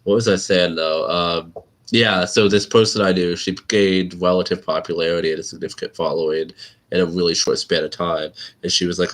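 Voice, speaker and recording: A man's voice: deep voice, steady tone, brisk, fairly bright tone. A man hosting his own channel, chatting casually and rambling on a live stream and laughing often.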